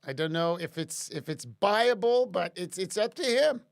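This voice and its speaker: A man's voice: high-pitched, expressive, measured pace, gravelly, a bit bright, clean tone. A man casually answering chat questions on a live stream, rambling with many restarts and fillers. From Canada.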